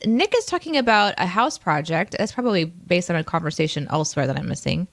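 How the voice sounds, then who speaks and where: A woman co-hosting a casual live stream, chatty and quick to laugh. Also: lowish voice, lively intonation, creaky, no echo. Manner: chatty, laughs easily, reads chat comments aloud. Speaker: co-host.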